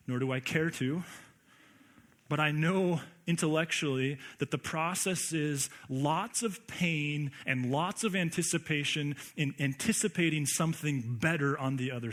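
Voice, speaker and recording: A man's voice: fairly high pitch, a bit bright. A male pastor preaching a conversational sermon, full of rhetorical questions and emphatic repetition.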